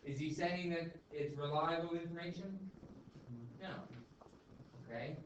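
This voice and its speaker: A man's voice: on the high side, steady tone, measured pace. A male teacher lecturing a class in a casual, chatty way, checking in with "okay?" and "right?" all the time. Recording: echoey classroom, far mic, dull and noisy.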